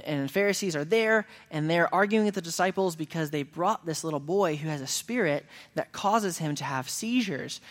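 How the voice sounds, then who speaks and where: Earnest male preacher in a reverberant hall. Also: fairly high pitch. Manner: earnest preaching with emphatic raised quotes. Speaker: pastor. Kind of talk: sermon.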